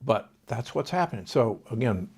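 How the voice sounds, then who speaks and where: A man's voice: medium pitch, animated, moderate pace, vocal fry, darkish tone, husky. An older man, a doctor, being interviewed and explaining health advice in an authoritative way, with numbers and frequent restarts. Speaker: doctor and guest. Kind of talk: podcast interview.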